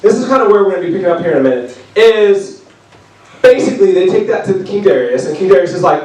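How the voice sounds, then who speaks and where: A man giving a casual youth sermon to junior high students, talking in a loose, playful storytelling way full of "like" and quick asides. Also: lively intonation, darkish tone. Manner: chatty, filler-heavy, playful storytelling. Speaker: youth pastor. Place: youth group meeting room. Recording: echoey room from far off.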